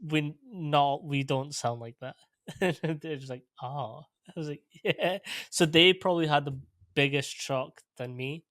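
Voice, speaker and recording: A young Scottish man chatting casually as a podcast host, laid-back and quick to laugh. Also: fairly high pitch, a bit bright, no echo, clean studio sound. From Scotland. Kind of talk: casual interview chat.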